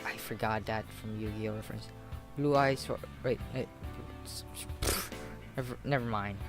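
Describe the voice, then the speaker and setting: A man's voice: lowish voice, steady tone, moderate pace, music in the background. A man reading a visual novel aloud with running commentary, tripping over words and mocking himself. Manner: self-mocking, trips over words and laughs. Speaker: gaming YouTuber.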